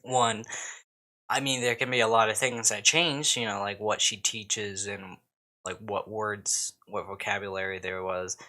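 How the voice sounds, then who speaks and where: A man's voice: on the low side, sharp tone. A man from the United States rambling casually to camera as a YouTuber, swearing often and poking fun at himself. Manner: rambling, swearing and self-mocking. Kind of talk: casual vlog chat.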